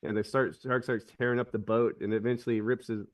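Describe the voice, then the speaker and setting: A man rambles through a film scene in casual podcast talk, full of restarts. His voice sits at an ordinary pitch. He sounds a bit away from the microphone. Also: fast, distant mic. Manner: rambling, many restarts, animated retelling. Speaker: podcast co-host. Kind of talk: casual chat.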